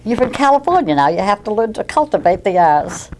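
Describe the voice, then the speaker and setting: An older woman with a Massachusetts accent quoting a polite middle-aged male phone supervisor, courteous and gently instructive. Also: mid-range voice, big pitch swings, fairly quick, a little hiss or hum, pitched above the performer's own voice, close to an everyday voice, rough recording.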